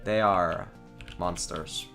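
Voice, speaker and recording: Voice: low-pitched, slow, creaky, faint music behind. A streamer chatting casually and playfully while playing a game. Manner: playful, excitable, jokey. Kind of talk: casual chat while gaming.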